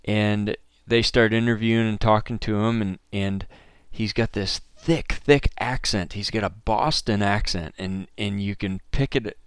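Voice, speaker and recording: A man's voice: on the low side, steady tone, unhurried, hardly any pauses, smooth, no echo, studio quality. A man from Maine hosting a podcast, talking in a casual, enthusiastic, conversational monologue. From Maine, USA. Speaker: podcast host.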